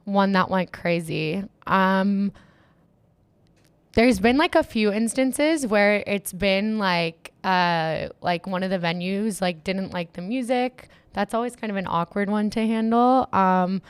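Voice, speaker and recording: A young woman talks in a casual interview, excitable and full of "like" fillers as she tells about her work. Her voice is smooth and clear. The sound is dry and close, with no room around it. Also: medium pitch, takes it slowly, no echo. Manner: chatty, lots of "like" fillers, excitable. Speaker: event organizer and DJ manager. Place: Miami.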